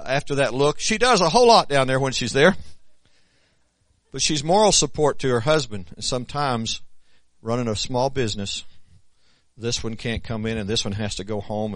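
A man preaches in a plain, folksy sermon voice. He climbs to loud, emphatic peaks, then drops to soft, quiet asides. The sound is close and dry, with no room echo. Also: mid-range voice.

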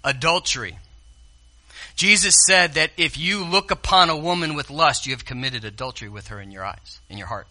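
A man preaching a sermon as pastor, speaking straight to the congregation and swinging from hushed asides to loud exclamations. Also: a little high, moderate pace. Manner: addresses the congregation directly.

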